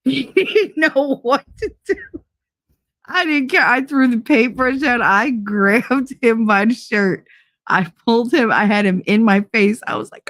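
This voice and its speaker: A woman's voice: fairly high pitch, unhurried, dry recording, studio quality. A middle-aged woman hosting a casual livestream, telling stories with lots of energy, swearing freely and laughing often as she answers chat. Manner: animated storytelling, frequent swearing and laughter. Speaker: livestream host reading chat.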